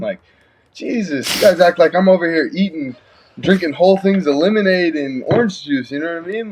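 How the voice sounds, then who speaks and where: A man's voice: on the high side, a little fast, a little hiss or hum. A young man guesting in a casual chat, laid-back and slangy, laughing easily. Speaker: guest fighter.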